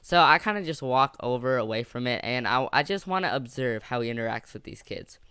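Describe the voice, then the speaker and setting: A man's voice: medium pitch, animated, a little fast, pushed and bright, clean tone, dry recording. A young man casually narrating a funny storytime, rambling and jokey with lots of filler words.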